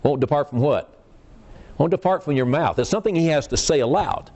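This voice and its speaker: A man preaches a sermon in a somewhat high voice. His delivery is emphatic and folksy, with self-deprecating asides. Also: animated, a little fast, darkish tone. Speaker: preacher teaching a class.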